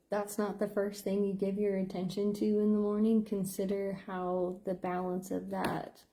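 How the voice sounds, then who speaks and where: A middle-aged woman, a psychotherapist, talking in a rambling stream-of-consciousness monologue full of fillers. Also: mellow. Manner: rambling, filler-heavy, with playful squeak sound effects. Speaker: psychotherapist and behavior analyst.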